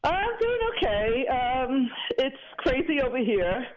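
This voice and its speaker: A woman's voice: high voice, big pitch swings, takes it slowly, slight background noise. A woman calling in to a radio show, chatting and retelling stories with laughter over a dull phone line. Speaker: caller. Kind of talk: casual phone chat.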